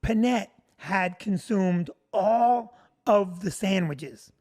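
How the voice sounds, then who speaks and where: A woman comedian and producer telling a long, detailed anecdote at a steady pace. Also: mid-range voice, slow, slightly rough. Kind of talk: anecdote on a talk show.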